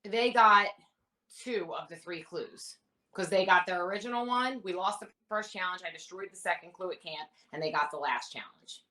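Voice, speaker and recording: A woman in her thirties, a reality show contestant, telling stories in a casual interview with animated, rambling detail. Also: fairly low pitch, normal speed, low-quality recording. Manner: animated, rambling anecdotes with many fillers.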